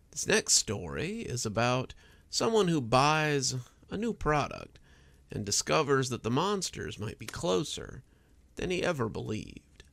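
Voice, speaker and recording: A man narrating scripted horror stories in an expressive, dramatic manner. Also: medium pitch, gravelly, no echo.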